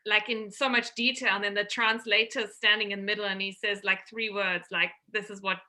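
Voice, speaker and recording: A woman's voice: mid-range voice, fairly even intonation, a little fast, bright, forceful tone. A woman in a casual video call chat, talking in a chatty way full of "like" fillers.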